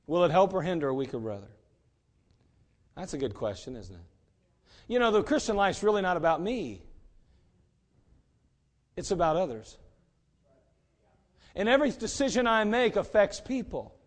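A man's voice: high-pitched, sing-song, moderate pace, long pauses. A middle-aged male pastor preaching a sermon in a folksy way, with joking asides and repeated rhetorical questions.

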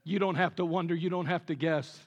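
A man preaching a sermon with earnest conviction, dropping low and quiet on his key points. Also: fairly even intonation, a little fast, highs cut off. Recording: long reverb of a large hall.

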